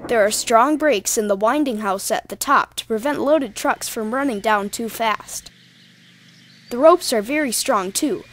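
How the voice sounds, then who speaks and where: A woman narrating a children's storybook, expressive and voicing the characters. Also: fairly high pitch, a little hiss or hum.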